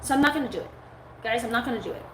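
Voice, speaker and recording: A woman's voice: a little high, animated, racing. A woman hosting a live stream as a dog groomer, chatting casually with viewers and cooing at the dog she works on, recorded on the device's own mic indoors. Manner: chatty, coos at the dog between talking to viewers. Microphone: device mic, her own mic not set up. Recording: echoey room with background noise.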